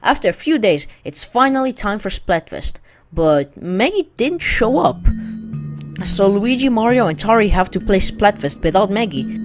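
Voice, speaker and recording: Woman calmly retelling a plot. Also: mid-range voice, normal speed, music in the background. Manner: steady, matter-of-fact retelling. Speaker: narrator summarizing a web series. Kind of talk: read-aloud plot summary.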